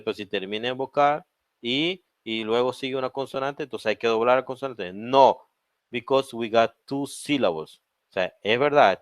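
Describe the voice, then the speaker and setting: A man with a deep-ish voice and a Chilean Spanish accent runs an online English lesson. He mixes English and Spanish and keeps circling back to each rule. The sound is close and dry, with no room around it. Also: fairly bright tone, no room sound. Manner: switches between English and Spanish, repeats and explains patiently. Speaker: English teacher. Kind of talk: recorded online grammar lesson.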